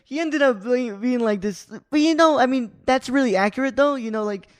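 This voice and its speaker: A young man in his twenties with a notably high voice talks loosely as a podcast co-host. He is animated, laughs often and fills his talk with "like", in a relaxed, casual chat. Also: a little fast, smooth. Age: 20s. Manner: animated, laughing, heavy use of "like".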